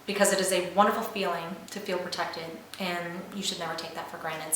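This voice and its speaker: A woman's voice: medium pitch, fairly bright tone. A woman chatting to camera as a beauty vlogger, rambling with lots of fillers. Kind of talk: casual chat to camera. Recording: very echoey room with faint background noise.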